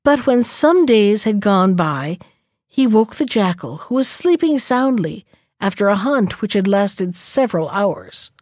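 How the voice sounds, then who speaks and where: A woman reading a fairy tale aloud in a calm, even storybook manner. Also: medium pitch, a little slow, no room sound, clean studio sound.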